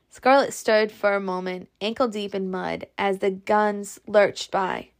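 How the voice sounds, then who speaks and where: A woman reading a classic novel aloud as amateur audiobook narration, steady with occasional slips. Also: mid-range voice, a little slow, hardly any pauses. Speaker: audiobook reader.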